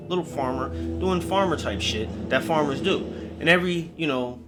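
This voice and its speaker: A man's voice: a little high, normal speed, loud music behind the voice. A man telling a spooky story in a casual, comedic way, full of swearing and rambling asides.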